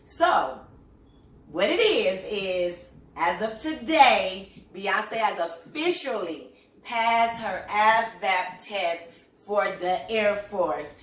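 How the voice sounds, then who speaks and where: A middle-aged woman hosting a casual talk, telling a family story in an animated, chatty way with lots of fillers. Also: medium pitch, very slow, recorded from a distance, a little hiss or hum. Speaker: host. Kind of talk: casual chat. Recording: echoey room, voice a bit off-mic.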